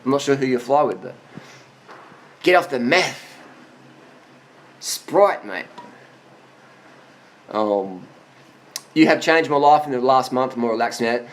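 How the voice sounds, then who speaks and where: A man in his forties speaks in a casual question-and-answer monologue, blunt and full of swearing. He is tired after a long ride, and his pitch sits in an ordinary middle range. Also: expressive, slow, long pauses, slight background noise. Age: 40s. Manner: blunt, profane and emphatic. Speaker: vlogger answering viewer questions.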